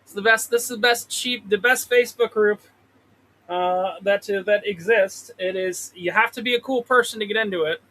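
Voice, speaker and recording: A man's voice: sits high, normal speed, bright, forceful tone, low-quality recording. A man hosting a casual live trading stream from a trailer, rambling and swearing as he talks to the chart. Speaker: livestream host trading stocks. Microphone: desk mic with pop filter.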